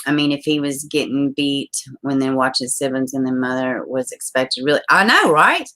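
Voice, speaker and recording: A woman hosting a casual live stream, reading news stories and viewer comments aloud, chatty and quick to laugh. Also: rumbling low, animated, bright, forceful tone. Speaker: livestream host.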